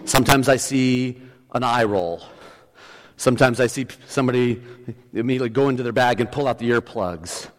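A man's voice: medium pitch, brisk. A middle-aged male pastor preaching a sermon, telling a story with restarts and building to emphatic points. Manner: storytelling, often restarts, rises to emphatic peaks. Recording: long hall reverb.

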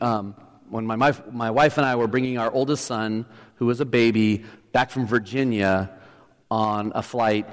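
A middle-aged male pastor preaching a sermon, telling a story with restarts and building to emphatic points. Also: lowish voice. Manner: storytelling, often restarts, rises to emphatic peaks. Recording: long hall reverb.

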